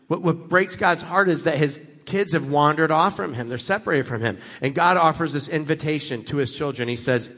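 A man's voice: fairly high pitch, expressive, normal speed, fairly bright tone, long reverb tail. A middle-aged man preaching as a guest speaker, conversational and building to emphatic passages. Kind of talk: sermon.

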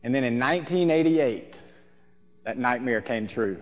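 A man, preaching a sermon from a church stage and telling a lively story. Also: medium pitch, normal speed, faint music behind. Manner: storytelling, animated, acts out voices. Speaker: pastor. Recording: long hall reverb.

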